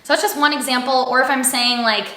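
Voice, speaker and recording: A woman's voice: sits high, fairly even intonation, fast talker, bright, forceful tone. A young woman teaching a singing lesson, upbeat and encouraging as she demonstrates exercises and keeps checking in with her students. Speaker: vocal coach. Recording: echoey room.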